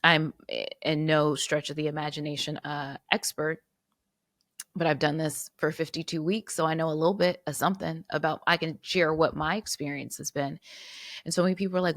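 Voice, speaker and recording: A woman's voice: low voice, steady tone, fairly quick, fairly bright tone, no room sound, clean studio sound. A woman hosting her podcast solo, reflecting earnestly and fighting back tears, with restarts and repeated words. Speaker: podcast host.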